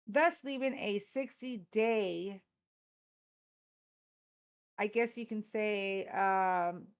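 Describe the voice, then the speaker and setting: A woman's voice: mid-range voice, very slow, clear, resonant tone. A woman hosting a casual political live stream indoors, talking bluntly and mocking viewers with plenty of swearing. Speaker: political livestream host. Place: indoors, a hot room. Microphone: live stream on a phone.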